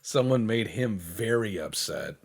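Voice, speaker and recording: A man's voice: lowish voice, expressive, a little slow, gravelly, husky. A man giving loose, joking commentary while playing a strategy game, rambling and swearing for laughs. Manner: rambling, joking, profane banter. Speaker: game streamer. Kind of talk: casual gameplay commentary.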